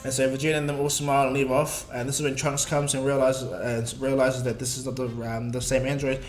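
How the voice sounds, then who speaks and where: A man's voice: medium pitch, level tone, brisk. A man casually narrating a fan-made story, rambling with restarts and fillers. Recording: echoey room, faint music.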